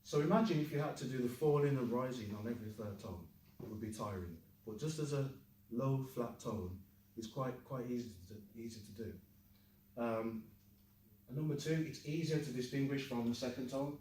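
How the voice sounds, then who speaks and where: A male teacher running a lively language class. He clowns a little and coaxes the group into chanting back. The sound is roomy and taken from a distance, with a faint hum of the room behind him. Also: mid-range voice, moderate pace. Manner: upbeat, jokey, leads the class in chants and repetition. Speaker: Chinese teacher. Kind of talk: classroom lesson with call-and-repeat drills.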